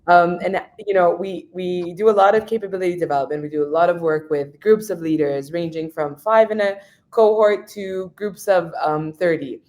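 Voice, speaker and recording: A woman's voice: lowish voice, steady tone, normal speed, a little mellow. A woman hosting an interview, asking eager questions in a chatty way with plenty of fillers. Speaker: host interviewer. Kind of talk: conversational interview.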